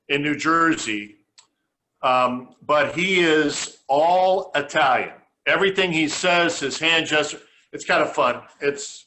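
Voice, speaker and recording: Male cooking host, bright crisp timbre, homespun and conversational. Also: on the high side. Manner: chatty, homespun, stops and restarts phrases. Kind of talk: casual cooking demonstration.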